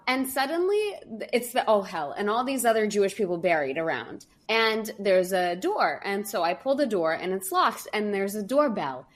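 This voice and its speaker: A woman hosting a podcast interview, a lively storyteller who acts out the voices in her stories. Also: mid-range voice, moderate pace, few pauses. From New York. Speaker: podcast host.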